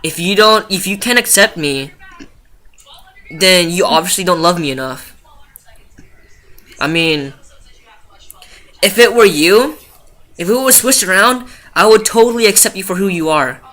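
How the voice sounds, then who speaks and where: A man's voice: high voice, expressive, unhurried, long pauses, bright, forceful tone. A young man in his late teens rambling casually to camera in a confessional vlog, swearing freely and filling gaps with "like" and "um". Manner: chatty, rambling, swears freely, lots of fillers. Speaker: vlogger.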